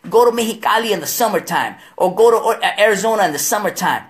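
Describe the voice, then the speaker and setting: A man hosting a casual live-stream chat, talking in slangy, profane street style and telling animated stories with voiced impressions. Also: high-pitched, fast talker, hardly any pauses. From Delaware. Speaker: show host.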